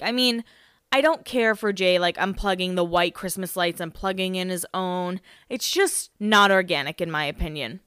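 A young woman hosting a casual solo podcast, rambling and chatty with lots of fillers, her pitch jumping when she gets excited. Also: clear, resonant tone, no echo, clean studio sound. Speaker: podcast host.

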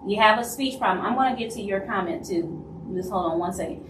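A woman from Louisiana with a Louisiana Southern accent, hosting a live stream in casual talk and acting out other people's lines in quick asides. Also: medium pitch, background noise. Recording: roomy echo, voice from a distance, faint ambience.

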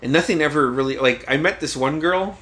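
A man's voice: a little high, a little fast, fairly bright tone. Laughing, swearing man telling stories. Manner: profane, laughs often. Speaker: podcast guest. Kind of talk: casual storytelling.

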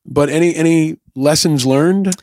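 A man's voice: fairly high pitch, measured pace, a little mellow, no room sound, studio quality. A man hosting an interview who speaks in an earnest, sincere way. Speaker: podcast host. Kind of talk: casual interview.

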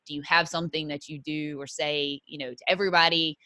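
A woman's voice: low-pitched, level tone, fast, pushed and bright, dry recording. A woman hosting a golf podcast, chatting casually with lots of fillers. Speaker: podcast host. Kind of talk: casual interview chat.

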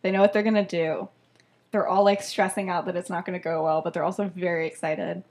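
A woman's voice: on the low side, fairly even intonation, brisk, a little mellow. A woman co-hosting a podcast, retelling a story in casual chat, often laughing and saying "like" and "um". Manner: giggly, lots of "like" and "um". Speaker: podcast co-host.

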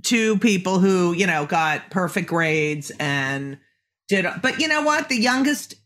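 A woman's voice: on the low side, animated, a little slow, fairly bright tone. A woman in her forties hosting a casual interview, brash and joking, swearing freely, with a phlegmy throat. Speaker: podcast host.

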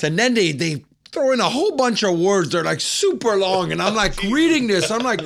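Male guest, lively anecdote teller, does voices for quoted people. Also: normal speed, few pauses. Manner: acts out quotes, swings higher when excited. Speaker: podcast guest. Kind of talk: animated storytelling.

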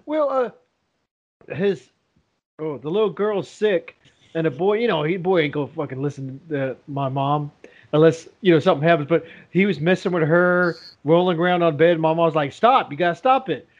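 A man's voice: a little high, normal speed, dull audio. A man chatting casually, often laughing as he tells family stories. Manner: laughs through his stories. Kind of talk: casual chat.

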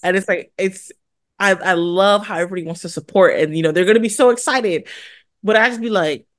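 A woman's voice: medium pitch, fairly quick, dry recording, clean studio sound. A young woman, born in Hawaii and raised in California, chatting as a guest in a casual interview and acting out the voices of the people in her stories. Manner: animated storyteller, acts out quoted voices. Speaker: guest athlete.

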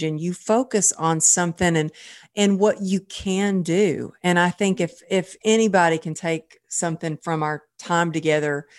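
A woman hosting a podcast interview in a casual, effusive way, full of praise for her guest. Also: lowish voice. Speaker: podcast host.

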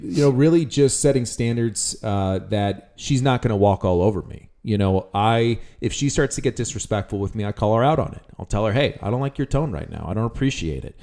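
A man's voice: fairly low pitch, expressive, a little fast, hardly any pauses, dark tone. A man co-hosting a relationship podcast, talking bluntly and frankly in casual chat. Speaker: podcast co-host.

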